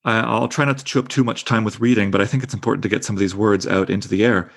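Man lecturing to a class, lowish voice, enthusiastic, conversational. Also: fairly even intonation, fast talker, creaky. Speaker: teacher leading a literature class. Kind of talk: lecture and discussion.

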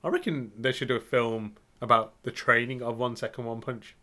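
A man's voice: medium pitch, steady tone, normal speed, pushed and bright. A man co-hosting a podcast, bantering playfully and laughing often in casual chat. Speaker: podcast co-host.

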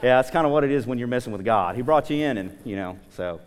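A man's voice: medium pitch, quick pace, smooth. Guy preaching loose and chatty, tosses in side jokes, big reverby hall. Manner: animated, casual storytelling with asides. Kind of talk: conversational sermon.

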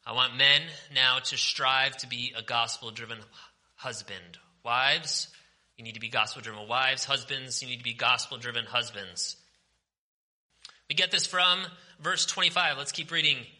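Bright-voiced impassioned male preacher. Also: medium pitch, normal speed. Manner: impassioned, swings from forceful preaching to near-whispers. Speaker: pastor. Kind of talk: sermon.

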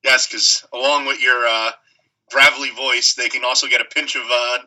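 A man co-hosting a podcast, talking in a casual way, teasing his partner and quick to laugh. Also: mid-range voice, little pitch movement, sharp tone, low-quality recording. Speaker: podcast co-host. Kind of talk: casual chat.

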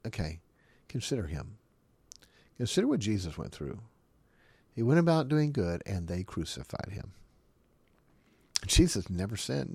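A man preaching a sermon, emphatic and animated, often laughing between his points. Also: lowish voice, moderate pace, vocal fry, long pauses, slightly rough, no echo. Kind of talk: sermon teaching.

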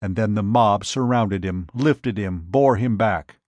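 A man reading a pulp adventure aloud as narrator, with a measured, dramatic delivery. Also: on the low side, darkish tone, no echo. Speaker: audiobook narrator. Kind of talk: scripted narration.

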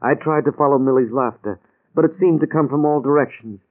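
An actor playing a nervous, shaken husband recovering in hospital, in 1940s radio acting. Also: male voice, medium pitch, fairly quick, close to an everyday voice. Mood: anxious. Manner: nervous, apologetic. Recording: tinny old radio recording.

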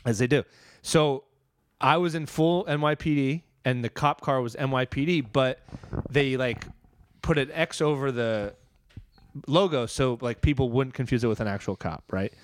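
A man's voice: medium pitch, normal speed, no room sound. A man telling a long, rambling story in casual chat, swearing freely.

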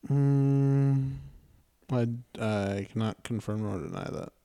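A man's voice: mid-range voice, slow, clean tone. A man co-hosting a podcast in casual chat, swearing freely and acting out what people said in his stories. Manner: profane, animated when quoting people. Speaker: podcast co-host.

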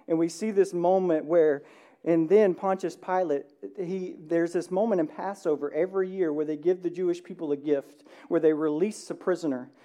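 A man pastor preaching a sermon, animated, swinging between loud emphasis and hushed passages, often asking the room "right?". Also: fairly high pitch, moderate pace. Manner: conversational, asks the room "right?".

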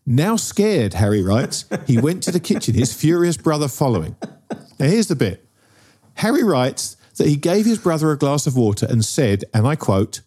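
Man, middle-aged, casual storytelling, lively swooping pitch, mellow tone. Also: normal speed, husky. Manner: storytelling, keeps asking "right?". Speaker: podcast co-host. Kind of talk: animated casual chat.

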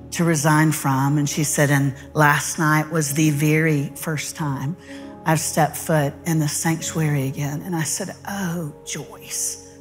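Low-voiced woman telling a story. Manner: animated storyteller, quoting others in her own voice. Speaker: Bible teacher. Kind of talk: storytelling sermon.

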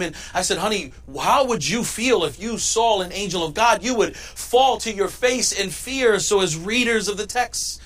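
Male pastor, high voice, dynamic sermon delivery, loud to hushed.

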